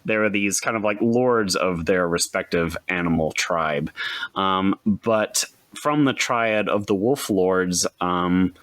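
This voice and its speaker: A man co-hosting a casual tabletop gaming podcast, rambling through explanations with many pauses. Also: sits low, fairly bright tone, dry recording. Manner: rambling, hesitant, many fillers. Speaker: podcast co-host.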